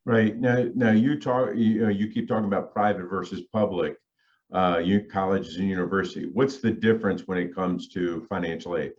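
A man's voice: sits low, steady tone, moderate pace, darkish tone. A man hosting a podcast, asking his guest questions in a casual, hesitant way. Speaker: podcast host. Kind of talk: interview questions. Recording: dull lo-fi sound.

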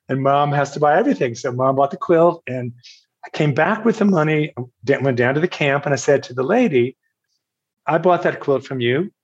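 A man from Virginia telling a personal story in a casual, halting way, with fillers and laughs. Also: medium pitch, highs cut off. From Virginia, USA.

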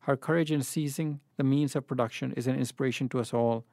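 A man's voice: medium pitch, fairly even intonation, quick pace, a little mellow, no echo, studio quality, close to an everyday voice. A man reading the lines of a brash woman who gives a joking party toast.

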